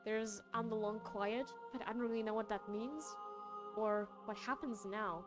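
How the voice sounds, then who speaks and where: A woman's voice: medium pitch, steady tone, normal speed. A young woman streaming a game, emotional and reading the on-screen text aloud. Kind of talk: casual let's-play commentary. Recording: game music behind.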